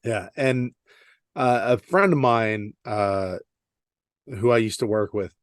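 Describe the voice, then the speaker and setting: A man co-hosting a casual podcast chat, talking haltingly with many pauses and restarts. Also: on the low side, no echo, studio quality. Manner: hesitant, many fillers and restarts. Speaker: podcast co-host.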